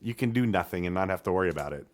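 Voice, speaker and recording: Man, lowish voice, lively pitch swings, sports podcast co-host, halting, lots of fillers. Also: slight background noise. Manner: animated, halting, with many fillers and restarts. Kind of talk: casual sports talk.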